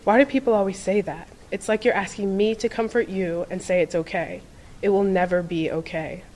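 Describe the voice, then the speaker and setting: A woman's voice: mid-range voice, fairly even intonation, darkish tone, lightly acted, low-quality recording. Woman reading as a bitter grieving father. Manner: pleading, raw, slow.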